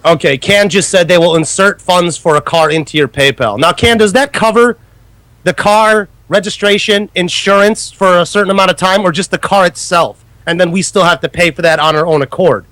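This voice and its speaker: Brief: male co-host, high and animated, swears freely in casual chat; dry close sound. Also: moderate pace, no room sound. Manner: loud, swearing, animated and laughing. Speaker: podcast co-host.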